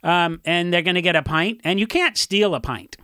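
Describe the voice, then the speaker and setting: Socal punk guy chatting, high bright voice, lots of ums and restarts. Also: animated, moderate pace, smooth, no echo, clean studio sound. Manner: rambling storyteller, frequent restarts and fillers. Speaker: punk musician discussing a song. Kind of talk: casual chat.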